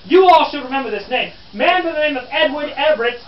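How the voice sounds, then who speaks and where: Playing an 1860s newspaperman, this living history interpreter lectures visitors theatrically at an outdoor historic park, his very high-pitched voice quick and lively in intonation. His mood is mocking and his manner scornful, and he calls listeners "friends." The sound is distant, roomy, dull camera audio with slight background noise.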